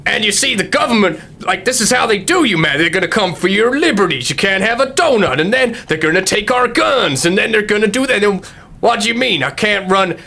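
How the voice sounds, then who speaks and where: A man's voice: high-pitched, animated, a little fast, creaky, pushed and bright, pitched above the performer's own voice, heavily acted. A man voicing a ranting, indignant trucker who distrusts the government.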